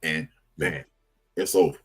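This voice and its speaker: A middle-aged man co-hosting a podcast, telling stories in casual slang and growing animated when he makes a point. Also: rumbling low, unhurried, breathy edge. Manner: laid-back storytelling with slang, animated when making a point. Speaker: podcast co-host. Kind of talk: casual chat.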